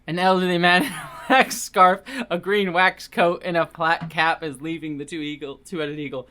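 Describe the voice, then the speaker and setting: Giggly, expressive reader with bright tone. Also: medium pitch, moderate pace, hardly any pauses. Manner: giggly, expressive, sarcastic asides. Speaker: co-host reading aloud. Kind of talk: comic book reading with banter.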